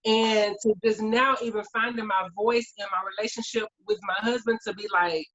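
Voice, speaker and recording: A woman's voice: medium pitch, moderate pace, few pauses. Woman in her forties, candid chat, lo-fi. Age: 40s. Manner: candid, animated storyteller. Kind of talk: casual chat.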